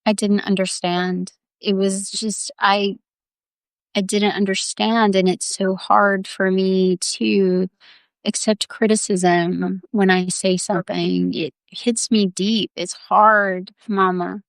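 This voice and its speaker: A woman's voice: medium pitch, level tone, clean tone, no echo. Woman voicing a tearful, remorseful confessing woman. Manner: halting, sobbing apology. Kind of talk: guided visualization role-play.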